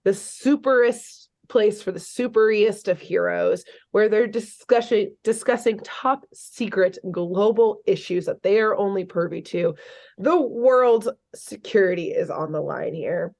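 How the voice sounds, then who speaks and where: A woman co-hosting a podcast, recapping a cartoon episode in casual chat, animated and full of "like", acting out the characters' lines. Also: medium pitch, measured pace, gravelly. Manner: animated storytelling, lots of "like", acts out characters' lines.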